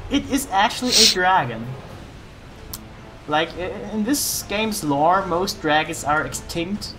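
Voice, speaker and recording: A man's voice: sits high, lively intonation, slow pace, loud music behind the voice. A man hosting a let's play, casually talking through his own gameplay. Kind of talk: gaming commentary. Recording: noisy background.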